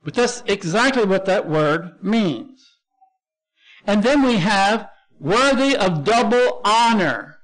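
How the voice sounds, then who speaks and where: A man with a Texan accent teaching a Bible lesson as pastor, explaining Greek words step by step and spelling them out letter by letter. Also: sits high. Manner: explains word by word, spells out Greek terms, frequent restarts.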